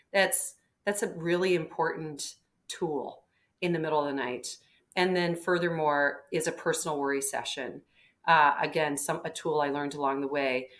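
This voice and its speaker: A woman doctor with a low voice gives advice on a live webinar, talking in an animated, hands-on way. She clears her throat now and then, over a video call. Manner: animated, acting out patients' words, frequent throat clearing. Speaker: physician guest.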